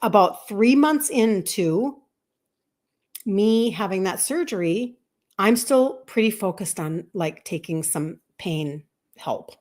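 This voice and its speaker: A woman in her fifties talks casually to a live-stream audience as a health coach. She tells a personal story in a chatty, animated way and often acts out lines of dialogue. Her voice sits at an ordinary middle pitch. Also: slow pace. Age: 50s.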